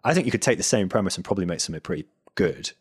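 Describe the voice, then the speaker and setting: A man co-hosting a podcast, giving blunt, halting critique in casual chat. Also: low-pitched, lively intonation, husky, no room sound, clean studio sound. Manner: blunt, hesitant restarts, sweary critique. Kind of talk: casual conversational commentary.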